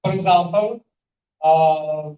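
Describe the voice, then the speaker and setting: A man's voice: fairly high pitch, takes it slowly. A man lecturing a conference audience on pronunciation, acting out example sentences and putting questions to listeners. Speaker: conference panelist teaching English. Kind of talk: classroom-style lecture with spoken examples. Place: large conference hall. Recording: echoey hall, distant dull mic.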